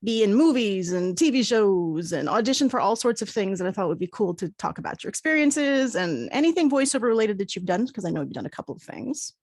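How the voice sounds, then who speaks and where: A woman hosting a podcast, friendly and quick to laugh. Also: mid-range voice, big pitch swings, darkish tone, no echo, clean studio sound. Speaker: podcast host. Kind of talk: casual interview.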